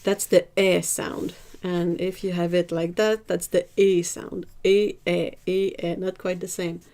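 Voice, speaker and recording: A woman hosting an art livestream, chatting casually with viewers, emphatic and lively. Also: lowish voice, measured pace. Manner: chatty, answers viewers' chat.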